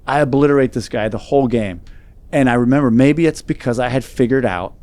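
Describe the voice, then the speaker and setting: A man's voice: medium pitch, brisk, a little mellow, no echo. A man speaking as a guest, telling a personal story in an earnest, reflective way. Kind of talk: storytelling in conversation.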